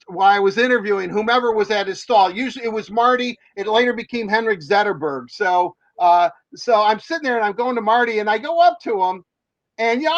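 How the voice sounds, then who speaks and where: Man, high voice, rambling hockey reporter, dry muffled sound. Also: dry recording. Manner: rambling, laughing, many fillers and restarts. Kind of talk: casual storytelling chat.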